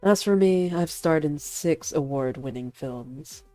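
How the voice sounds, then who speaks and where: A woman voicing an arrogant famous male actor in a visual novel, speaking slowly and dismissively. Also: deep voice, mellow, no echo, faint music behind. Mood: mocking.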